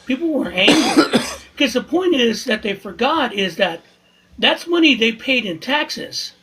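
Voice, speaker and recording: A man on a live podcast panel, telling stories with indignant, animated energy. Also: very high-pitched, a little slow, background noise. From Southern California. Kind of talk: casual live podcast talk.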